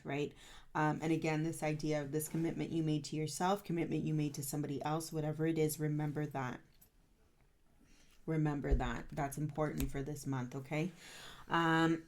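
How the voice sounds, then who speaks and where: A woman's voice: sits low, warm tone. A woman giving an earnest, encouraging tarot reading, often checking in with "right?" and getting a little stern as she urges the listener on. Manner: gets stern and amped up. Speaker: tarot reader.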